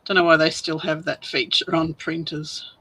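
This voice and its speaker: A woman's voice: low voice, flat delivery, moderate pace, sharp tone, husky, low-quality recording. A woman chatting while sorting craft supplies, matter-of-fact. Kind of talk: casual chat.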